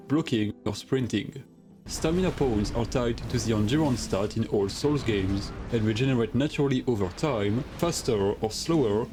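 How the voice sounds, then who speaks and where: A young man with a French accent, narrating a scripted gaming guide in a steady, methodical, explanatory way. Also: medium pitch. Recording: light music behind.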